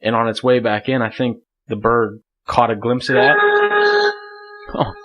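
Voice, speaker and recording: Podcast guest, male, mid-pitched, casual storyteller who laughs a lot and rambles. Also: little pitch movement, a little slow, dull audio. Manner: laughs often, rambling with many "like" fillers. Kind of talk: casual hunting story told in conversation.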